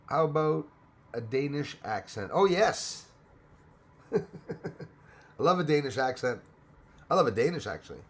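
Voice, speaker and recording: Man from Canada, livestream host, laid-back chatter, reads out viewer names, quick laughs, mid-pitched voice. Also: sing-song. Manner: chatty, thanks viewers by name, laughs often. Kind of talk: casual livestream chat.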